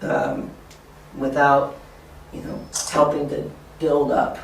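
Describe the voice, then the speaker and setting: Man, teacher trainer, encouraging, distant camera mic, roomy hall, faint background noise. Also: slow pace. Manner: encouraging, acts out excited kids in a high voice. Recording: echoey room from far off.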